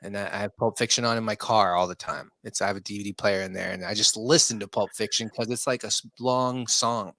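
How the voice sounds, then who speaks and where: A man's voice: lowish voice, steady tone, fast, hardly any pauses, a bit bright, dry recording. A man guest on a casual podcast, laid-back and loose, filling his talk with "like". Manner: laid-back, lots of "like" fillers. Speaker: guest, filmmaker.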